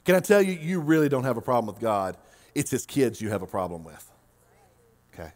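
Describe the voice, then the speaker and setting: A man from Oklahoma, the lead pastor, preaching a sermon with jokes and lively swings between loud and quiet. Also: medium pitch. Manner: animated, joking, swings between loud and quiet, drawn-out emphasis.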